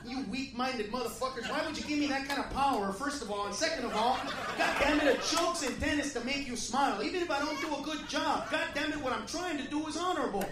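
A man's voice: very high-pitched, fast talker, far from the mic. Profane, ranting male stand-up comic. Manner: loud, profane, ranting, swings from quiet mutters to shouts. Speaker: stand-up comedian. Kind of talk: stand-up comedy set. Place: comedy club stage with a live audience. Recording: echoey club with crowd laughter and noise.

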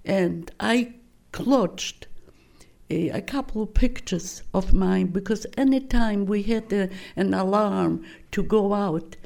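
An older woman speaks slowly in a gravelly, mellow voice. She answers in an oral history interview, haltingly, often breaking off and restarting her sentences as she looks for the right word. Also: medium pitch. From Poland. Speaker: guest recounting her life.

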